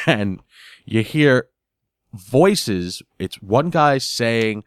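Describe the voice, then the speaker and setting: A man talks through a sitcom episode he loves, giggling as he tells it and often stumbling over repeated words. His voice sits at an ordinary middle pitch. The recording is dry and close, with no room sound around him. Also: drawn-out words, long pauses, clear, resonant tone, dry recording. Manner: animated storytelling, giggles often, repeats words while he searches for them. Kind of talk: casual episode recap.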